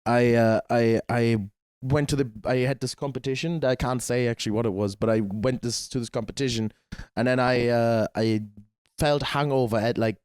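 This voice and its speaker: A man's voice: medium pitch, fairly even intonation, moderate pace, a little mellow, clean tone, dry recording, clean studio sound. A man co-hosting a podcast in casual chat, joking and swearing as he tells festival stories. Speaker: podcast co-host.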